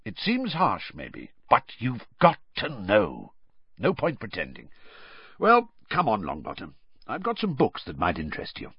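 A man voicing a gruff old professor who speaks in a low, gentle growl, in an audiobook reading. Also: huge pitch swings, unhurried, no room sound, highs cut off, heavily acted. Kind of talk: audiobook character voice.

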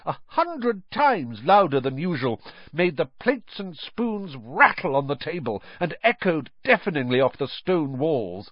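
A man reading a children's novel aloud as audiobook narrator, with expressive storytelling. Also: fairly high pitch, measured pace, a little hiss or hum. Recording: dry, dull lo-fi recording.

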